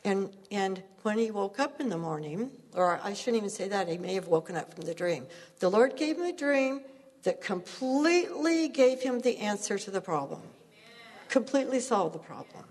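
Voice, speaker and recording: A woman's voice: mid-range voice, lively intonation, normal speed, darkish tone, in a large hall. A woman preaching a sermon, telling stories earnestly and laughing at herself now and then.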